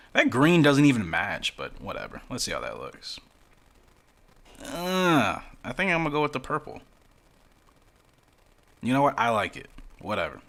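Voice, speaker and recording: A man's voice: medium pitch, gravelly, a bit bright. A man casually commenting as he plays a mobile game for his channel, rambling along with self-deprecating asides. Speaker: gaming YouTuber.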